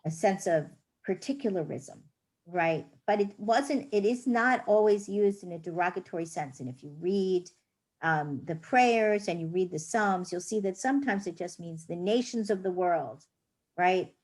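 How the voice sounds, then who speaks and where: A woman's voice: lowish voice, moderate pace, a little mellow. A woman teaching a reading class, patiently sounding out words and explaining rules. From United States.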